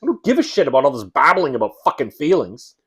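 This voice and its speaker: A man's voice: mid-range voice, quick pace, husky. A man co-hosting a podcast in casual chat, telling the story with lots of swearing and acted-out bits. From Canada. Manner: animated, swears a lot, acts out scenes. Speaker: podcast co-host.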